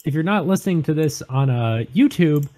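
Animated player, lively pitch, rushing and swearing. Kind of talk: tabletop role-play.

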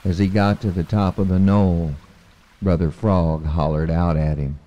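A man telling a traditional animal story and reflecting on its meaning, in a measured, reflective storytelling manner, with a long hall reverb. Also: low voice, little pitch movement, lo-fi sound. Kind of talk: storytelling narration.

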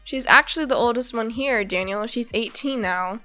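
A woman's voice: on the high side, moderate pace, bright, forceful tone, soft background music. A woman reading a comic aloud and reacting casually, bubbly and giggly, gushing about the characters and rambling with lots of fillers.

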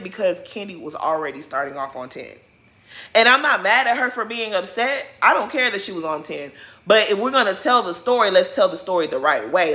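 Blunt, bright-voiced woman vlogger. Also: on the high side. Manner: blunt, outspoken, swears freely; emphatic and repetitive, addresses cast directly. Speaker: reality TV recap vlogger. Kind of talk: casual opinionated commentary.

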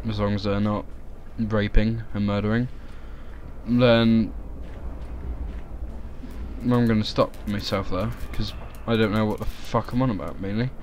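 A man's voice: on the low side, steady tone, measured pace, pauses often, darkish tone, a little hiss or hum. A young man giving crude, rambling let's-play commentary. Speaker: gaming YouTuber.

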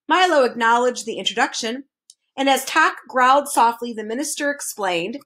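A woman reading a children's chapter book aloud, with expressive narration. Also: on the high side, normal speed. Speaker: reader. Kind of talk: storybook read-aloud.

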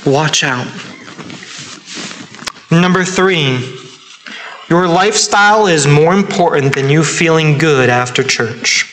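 A man's voice: fairly high pitch, slow, long pauses, fairly bright tone, a little hiss or hum, low-quality recording. A man preaching a sermon in church, earnest and emphatic, repeating his key points. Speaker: pastor. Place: church sanctuary.

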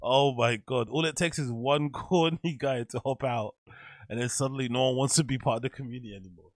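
A man's voice: mid-range voice, brisk, dry recording, clean studio sound. A man streaming casual reaction commentary, incredulous and laughing often.

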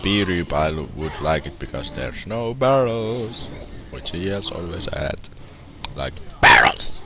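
A man giving excitable gameplay commentary and shouting at the game as he plays. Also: low-pitched, slow pace. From Finland. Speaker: gamer. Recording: game sounds loud behind voice.

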